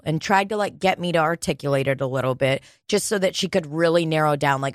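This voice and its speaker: A woman's voice: on the low side, a little fast, fairly bright tone, no echo, clean studio sound. A woman in casual chat, telling candid personal stories with plenty of swearing. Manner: candid, profane storytelling.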